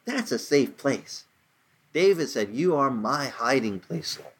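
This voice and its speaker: A man's voice: medium pitch, lively intonation, normal speed. A man in his sixties preaching a casual, conversational sermon, telling stories with rising emphasis. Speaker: pastor.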